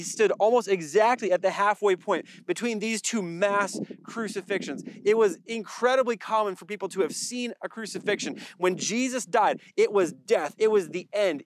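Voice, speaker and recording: High-voiced male pastor preaching. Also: a little hiss or hum. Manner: conversational preaching with dry jokes and repeated phrases. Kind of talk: sermon.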